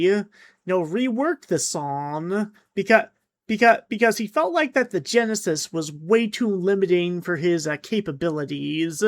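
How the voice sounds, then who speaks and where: Animated, chatty song-countdown host. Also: mid-range voice, no room sound. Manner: chatty and animated, with frequent restarts and fillers. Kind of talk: casual commentary over a song countdown.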